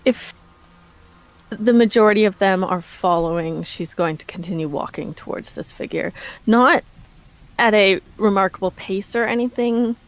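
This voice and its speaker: A woman playing a tabletop game who calmly describes what her character does and asks the game master questions. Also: mid-range voice, moderate pace, poor audio. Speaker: player. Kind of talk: in-character play and table talk.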